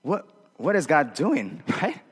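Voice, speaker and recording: A man's voice: on the high side, wildly swooping pitch, slow, breathy edge, in a large hall. A male pastor preaching a sermon in a conversational way, often checking in with tag questions.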